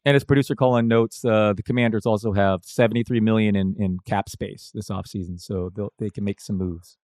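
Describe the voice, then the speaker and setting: A man co-hosting a fantasy football podcast, talking casually in a halting way, stopping and restarting his thoughts. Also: lowish voice, steady tone, darkish tone, no room sound, clean studio sound. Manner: halting, lots of fillers and restarts, chuckles now and then. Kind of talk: casual sports analysis chat.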